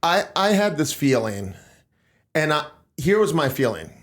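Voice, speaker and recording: A man's voice: a little high, big pitch swings, unhurried, fairly bright tone. A man hosting a casual political podcast, talking in an emphatic, rambling way. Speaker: podcast host.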